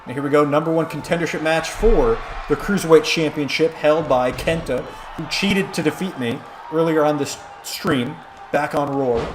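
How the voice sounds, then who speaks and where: Speaking at normal speed, a man with a fairly high voice gives casual live-stream commentary on a wrestling video game, jokey and rambling with bursts of excited play-by-play, over a clear background hum.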